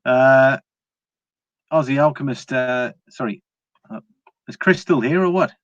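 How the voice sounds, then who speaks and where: A British man hosts a casual live stream, reading viewer comments aloud and rambling through his opinions with plenty of "uh"s, fillers and restarts. His mid-range voice is unhurried, and the recording is dry, a bit dull and lo-fi.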